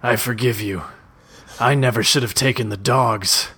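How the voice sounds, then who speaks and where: A man reading aloud and voicing a weary middle-aged father with a flat, deadpan delivery. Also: medium pitch, moderate pace, husky.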